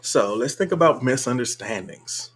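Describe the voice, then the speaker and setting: A relaxed man chats his way through viewer comments on a morning live stream. He talks in a colloquial, easygoing way and chuckles often. His voice sits at an ordinary middle pitch. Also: normal speed, husky. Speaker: livestream host. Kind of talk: casual live-stream chat reading comments.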